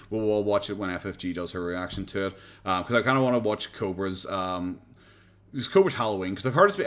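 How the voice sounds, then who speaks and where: A man's voice: medium pitch, a bit bright. An Irish man chatting casually as a streamer reacting to videos, rambling, swearing and laughing often. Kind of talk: casual chat.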